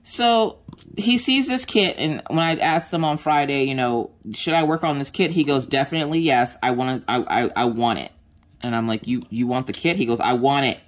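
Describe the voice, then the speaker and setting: While crafting, this woman tells a story in a very deep voice at a moderate pace. She's a lively storyteller who performs the characters' lines and swears mildly in her casual chat to her vlog audience.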